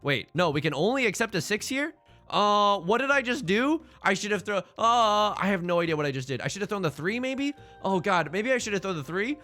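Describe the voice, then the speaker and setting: A young man streaming a tile game, rambling and self-deprecating as he thinks out loud. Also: high-pitched, big pitch swings, brisk, faint music behind. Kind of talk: casual game commentary.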